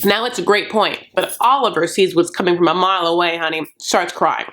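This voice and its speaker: A woman's voice: fairly low pitch, brisk, fairly bright tone. A woman giving a sassy, campy recap of a reality TV show, calling her viewers "honey" and acting out quotes in put-on voices. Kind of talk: casual commentary.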